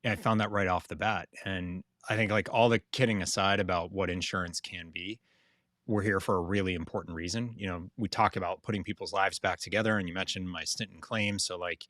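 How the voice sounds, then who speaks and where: A man's voice: sits low, fairly even intonation, a little fast, a bit bright, no echo, clean studio sound. A man from New England with a Boston accent, a guest talking loosely in an interview with many fillers. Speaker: guest, insurance consultant. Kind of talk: casual interview talk.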